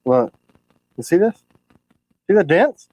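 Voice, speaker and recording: Animated man hosting a knife livestream. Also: high-pitched, no room sound, poor audio. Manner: animated, frustrated, quick asides. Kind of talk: casual livestream chat.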